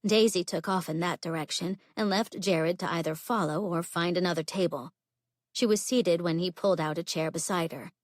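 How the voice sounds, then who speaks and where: Low-voiced woman reading a romance novel. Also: moderate pace, dry recording, studio quality. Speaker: audiobook narrator. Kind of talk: scripted narration.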